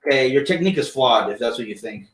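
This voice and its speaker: A woman's voice: very deep voice, animated, quick pace, a little hiss or hum. A woman co-hosting a casual livestream podcast, reading the chat and making dry, self-mocking jokes. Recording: echoey room, distant mic.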